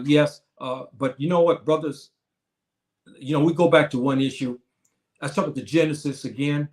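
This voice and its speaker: A man's voice: mid-range voice, darkish tone. A man in his seventies gives an emphatic, repetitive lecture to his community, often addressing the listeners as brothers and sisters. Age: 70s. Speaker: teacher of a class. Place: Morocco.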